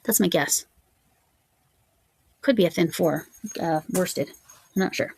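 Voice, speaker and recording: Casting: woman vlogger, lowish gravelly voice, chatty show-and-tell, thinks out loud. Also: slow. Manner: chatty, musing aloud while reading yarn labels. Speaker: crochet vlogger. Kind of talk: casual show-and-tell chat.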